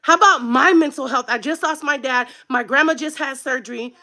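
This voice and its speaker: A woman in her thirties ranting to camera as a vlogger, angry and tearful, shouting at times. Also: high-pitched, fairly quick. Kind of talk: emotional rant to camera.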